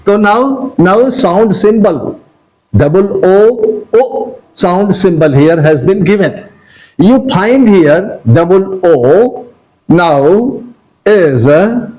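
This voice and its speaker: A man's voice: sits high, darkish tone, rough recording. A man teaching pronunciation, spelling out letters, repeating each word and often saying "okay, dear". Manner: slow and deliberate, spells out letters and repeats words. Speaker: English teacher. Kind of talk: pronunciation lesson.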